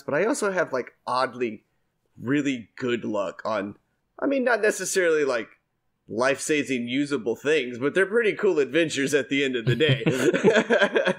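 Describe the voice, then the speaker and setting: A man's voice: medium pitch, big pitch swings, moderate pace, fairly bright tone. Laughing, rambling podcast co-host, a man. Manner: rambling, swears freely, laughs often. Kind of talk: casual chat.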